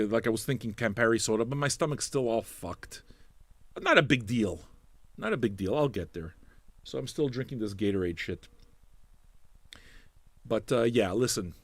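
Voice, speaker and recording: A man hosting a live music stream, chatting casually and swearing freely as he rambles, jokes and riffs on the viewers' messages. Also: dry recording. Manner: profane, rambling, joking with the chat; animated, suddenly loud, then low and mumbling. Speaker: streaming radio DJ host.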